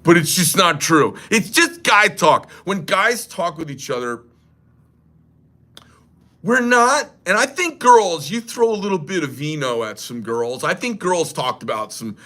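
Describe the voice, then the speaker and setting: Bright, lively man rambling crudely. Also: on the high side. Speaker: knife maker and shop host. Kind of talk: casual livestream talk.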